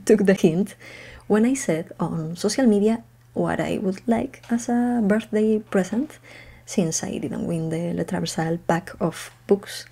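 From a room at home, a Spanish woman hosts her podcast as a casual, unedited monologue. Her voice is lowish and warm, and she chats hesitantly, laughing often.

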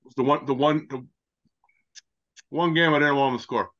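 A man co-hosting a casual sports podcast. He talks in an animated way and often repeats words. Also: medium pitch, normal speed, highs cut off. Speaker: podcast co-host.

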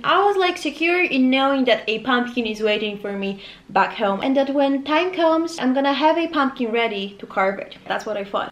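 A woman in her twenties vlogging casually at home, rambling with nervous, self-mocking asides. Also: on the high side. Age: 20s. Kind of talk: casual chatty vlog. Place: room at home. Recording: echoey room, faint noise.

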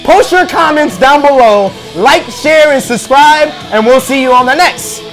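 A man's voice: very high voice, animated, unhurried, fairly bright tone, faint music behind. Brief: male co-host, blunt and mocking, voice rising and falling a lot through a heated argument. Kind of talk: heated debate.

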